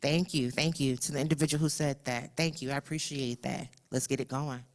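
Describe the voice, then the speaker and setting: A woman with a Southern US accent leading a workshop, animated and repeating herself, calling out the audience. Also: very deep voice, fairly quick. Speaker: workshop facilitator. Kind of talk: energetic workshop facilitation. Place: conference room with audience.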